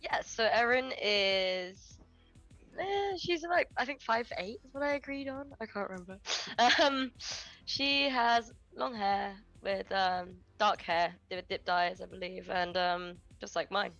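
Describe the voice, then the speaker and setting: A woman's voice: mid-range voice, slow pace, fairly bright tone. Woman player joking around about her character, kinda muffled audio, faint music. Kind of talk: describing her character in a tabletop game.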